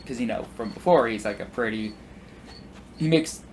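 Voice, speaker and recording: Young man, casual gameplay storytelling, rambling asides, mid-pitched voice, faint background hiss. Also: normal speed. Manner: rambling, full of asides and fillers; acts out quoted people with big pitch jumps. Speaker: gameplay commentator. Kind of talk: casual storytelling while playing.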